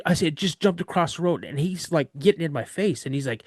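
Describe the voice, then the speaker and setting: Animated man telling a tale. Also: fairly high pitch, fast, hardly any pauses, no room sound, studio quality. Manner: animated, acts out other voices. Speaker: podcast guest. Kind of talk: storytelling an encounter.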